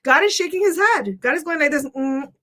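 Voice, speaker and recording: A woman co-hosting a motivational talk show, chatty and animated, laughing often as she talks. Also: extremely high pitch, quick pace. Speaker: co-host. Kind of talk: motivational chat.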